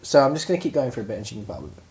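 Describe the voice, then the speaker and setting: A man co-hosting a podcast in casual chat, an animated storyteller who laughs often. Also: medium pitch, racing. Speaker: podcast co-host.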